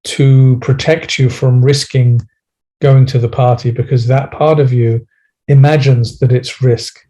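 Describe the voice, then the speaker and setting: A man with a British accent talks as a podcast guest, coaxing and unhurried. His voice is dark and mellow, at an ordinary pitch. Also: level tone. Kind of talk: podcast conversation.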